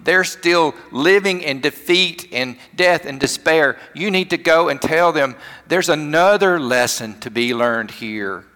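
A man with a Southern US accent voicing a gentle, kind teacher who speaks earnestly and reassuringly. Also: fairly high pitch, a little slow, hardly any pauses, big-room sound.

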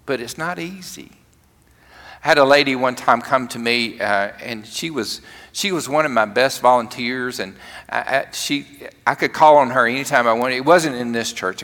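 A man's voice: mid-range voice, a bit bright. A male pastor delivering a conversational sermon with humor, often restarting his sentences as he tells a story. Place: church sanctuary. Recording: long reverb of a large church.

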